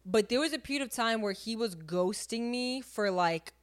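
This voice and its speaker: A woman's voice: on the high side, expressive, moderate pace, clear, resonant tone. A woman in her twenties, a podcast co-host, talking candidly and telling a personal story with lots of fillers. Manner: chatty, filler-heavy, vivid storytelling. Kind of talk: candid casual chat.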